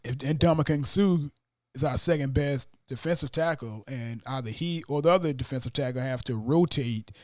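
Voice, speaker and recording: A man hosting a casual sports podcast, talking fast and acting out his own stunned reactions. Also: mid-range voice, dry recording, clean studio sound. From Atlanta area. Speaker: podcast host.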